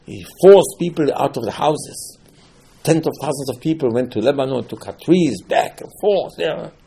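A man's voice: mid-range voice, expressive, moderate pace, gravelly, mellow, slightly rough. A man giving a sermon on scripture, telling the stories with animation, acting out the quotes and repeating key words for emphasis. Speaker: religious teacher.

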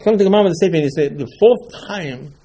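Husky-voiced man teaching Talmud. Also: on the high side, rapid-fire. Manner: animated, rhetorical questions, voices the listener's protests. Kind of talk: Torah class lecture.

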